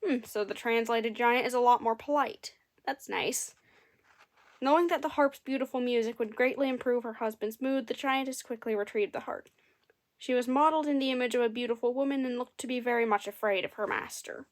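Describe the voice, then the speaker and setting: A woman's voice: fairly high pitch, fairly quick. A woman reading a fairy tale aloud and adding dry, amused comments between passages. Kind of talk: comedic story reading with wry asides.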